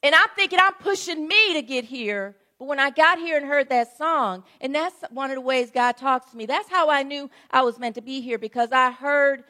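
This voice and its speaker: A woman's voice: sits high, moderate pace, few pauses, sharp tone. A middle-aged woman pastor giving a sermon in a conversational, storytelling way, often checking in with her listeners. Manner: conversational storytelling preaching, frequent "right?" asides.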